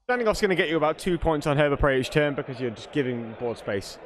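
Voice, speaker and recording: A man's voice: a little high, expressive, fast, soft background music. A man commentating a tabletop wargame, working through the scoring step by step. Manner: analytical, walks through point totals.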